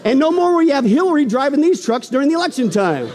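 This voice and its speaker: A man preaching a sermon in an animated, emphatic way with joking asides. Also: very high-pitched, quick pace, long reverb tail, slight background noise.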